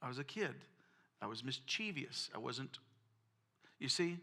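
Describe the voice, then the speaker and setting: A man's voice: medium pitch, expressive, normal speed, sharp tone. A man preaching a sermon, telling folksy personal stories and often repeating words. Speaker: pastor.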